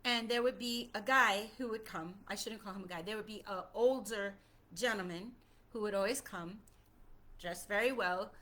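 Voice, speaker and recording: A woman telling a personal childhood story in an animated, conversational way, often repeating herself for emphasis. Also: medium pitch. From Puerto Rico.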